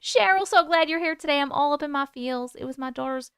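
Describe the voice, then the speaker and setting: Bright, clear-voiced woman live-streamer. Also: high-pitched, a little fast, dry recording, studio quality. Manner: chatty, reads out viewer comments and thanks gifts. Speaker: host reading chat on a livestream. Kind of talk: casual live-stream chat.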